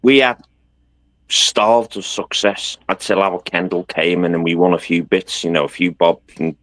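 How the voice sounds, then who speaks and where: A man's voice: sits low, fairly even intonation, moderate pace, fairly bright tone, no room sound, poor audio. A man in his fifties with a Scouse accent, bantering bluntly about football and swearing freely as a guest on a live chat. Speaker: guest caller. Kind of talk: casual banter.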